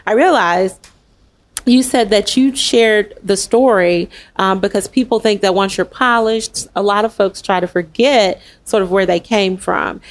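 A woman hosting a candid online panel talk, speaking earnestly and with animation, with quick asides and laughs, over a video call. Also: mid-range voice. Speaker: host and summit founder.

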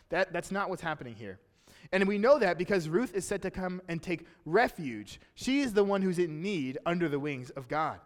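A young man preaching an earnest sermon, often dropping soft and low at the end of a phrase. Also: expressive, moderate pace. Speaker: pastor. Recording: long hall reverb.

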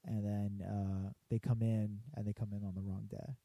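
A man tells work stories in casual, profanity-laced chat, mimicking difficult customers as he goes. His voice is dark and mellow, recorded close and dry. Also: on the low side, level tone, normal speed, gravelly, no echo. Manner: profane, storytelling, acts out customers. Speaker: barbershop worker.

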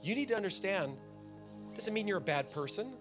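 A man preaching a sermon as pastor, telling everyday stories with sudden shouted outbursts. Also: high voice, big pitch swings, fairly quick, music in the background.

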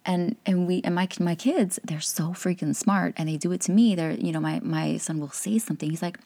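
A woman's voice: lowish voice, a little fast, creaky, mellow. A woman in her thirties hosting a podcast, giving candid, chatty parenting advice and laughing often. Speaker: podcast host and life coach. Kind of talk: casual advice monologue.

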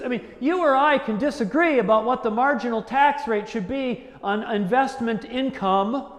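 A man preaches a sermon with a fairly high voice. He talks in a chatty, animated way and acts out the voices he quotes. The sound rings through a large hall with a long reverb. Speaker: pastor.

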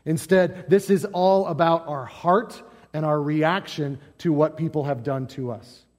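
A man's voice: fairly high pitch, measured pace, a little mellow, in a large hall. A male pastor preaching a sermon, emphatic, building lists and asking rhetorical questions.

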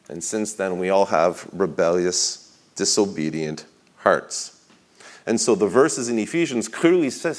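A man preaching a sermon, explaining scripture in an earnest teaching manner, slowing down to give weight to the passages he reads, with a few restarts and repeated words. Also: medium pitch. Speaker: pastor.

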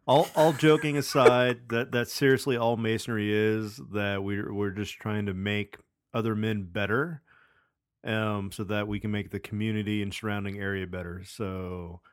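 A man's voice: fairly low pitch, flat delivery, measured pace, dry recording, clean studio sound. A man co-hosting a casual podcast, speaking in a laid-back, joking way. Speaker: podcast co-host. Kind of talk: casual chat.

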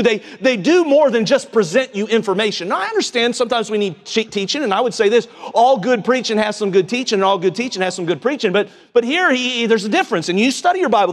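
A man delivers a sermon at a rapid clip, his voice pitched high. He talks in a folksy, excitable way, stumbling over and repeating his words. The sound carries a long hall reverb. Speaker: preacher.

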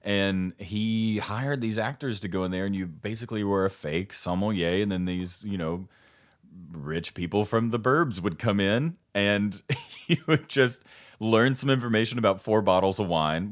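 Young male podcast co-host with a very low voice, rambling and laughing as he spins anecdotes. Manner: rambling storyteller, laughs often, trails off mid-sentence. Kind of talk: casual podcast chat.

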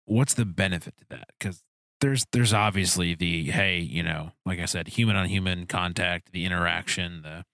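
A man's voice: low voice, normal speed, creaky, fairly bright tone, dry recording. A man hosting a podcast, asking long, rambling, searching questions in a casual chat. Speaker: podcast host. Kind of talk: casual conversational interview.

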